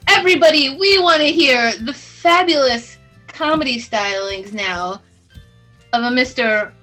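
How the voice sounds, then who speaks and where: A woman's voice: sits high, animated, a little slow, bright, forceful tone, soft background music. A woman co-hosting a comedy podcast, chatting in a giggly, teasing way. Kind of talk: casual chat.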